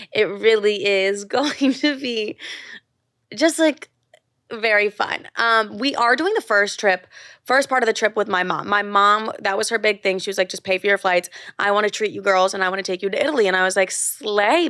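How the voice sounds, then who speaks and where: A woman's voice: mid-range voice, fairly bright tone, no echo, clean studio sound. A young woman hosting her own podcast, chatting casually and candidly, gushing, swearing freely and saying "like" a lot. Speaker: podcast host. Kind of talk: casual solo podcast chat.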